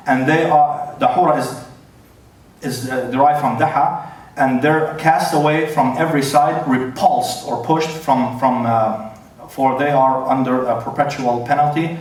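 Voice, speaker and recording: A man giving an opening statement in a debate, halting and full of fillers and restarts. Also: mid-range voice. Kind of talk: formal debate presentation. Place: large church hall. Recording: very echoey hall, distant mic.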